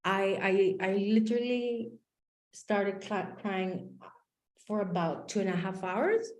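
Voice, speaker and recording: A woman's voice: medium pitch, slow, darkish tone, reverberant. A woman life coach telling a personal story in a motivational talk, acting out the dialogue as she goes.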